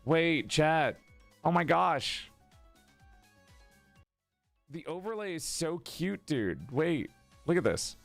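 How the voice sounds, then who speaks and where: A man's voice: a little high, very animated, takes it slowly, vocal fry, long pauses, a bit bright, no echo, faint music behind. A man chatting casually on a live stream while playing a tabletop game, laughing often and talking to his viewers.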